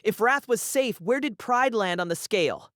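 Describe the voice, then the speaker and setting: A woman's voice: on the high side, expressive, normal speed, a bit bright, no echo, clean studio sound. A woman voicing an anxious young man who talks in sarcastic, nervous quips, read as an audiobook character. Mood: wry.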